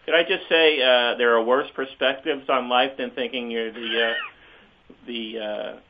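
A man's voice: medium pitch, fairly even intonation, unhurried, background noise. A man chiming in as a guest in a casual podcast conversation, speaking reflectively. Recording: dull lo-fi sound.

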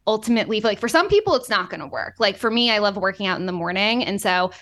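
A woman's voice: medium pitch, big pitch swings, fast, fairly bright tone. Upbeat young woman dietitian, full of "like". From Boston. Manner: upbeat, advice-giving, fillers of "like". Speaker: dietitian guest. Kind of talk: casual chat.

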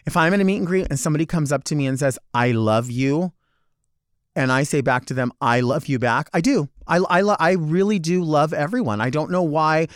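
A man's voice: a little high, quick pace, few pauses, dry recording, clean studio sound. A man, a drag performer, giving a blunt and profane monologue, acting out other people's lines as he goes. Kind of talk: candid monologue.

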